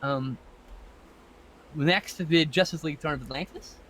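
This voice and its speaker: A man's voice: fairly high pitch, unhurried, fairly bright tone, slight background noise, low-quality recording. A Canadian man hosting a podcast in casual chat, rambling and profane, often trailing off mid-sentence. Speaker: podcast host.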